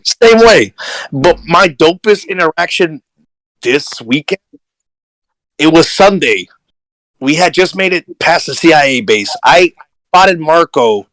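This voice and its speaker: A man on a podcast panel telling stories in casual chat, animated and slangy. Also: on the high side, no room sound, poor audio.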